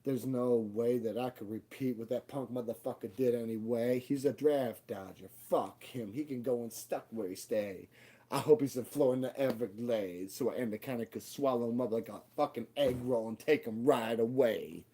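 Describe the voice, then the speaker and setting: A man's voice: mid-range voice, moderate pace, dark tone. A man in his twenties telling a personal story as spoken word, with a raw, intense and profane delivery. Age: 20s.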